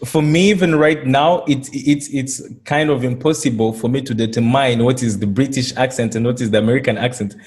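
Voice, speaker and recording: A man's voice: mid-range voice, fairly quick, few pauses, a little mellow. A man from Congo, a French speaker, hosting a casual conversation. He talks earnestly and often repeats words as he starts a thought. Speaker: host.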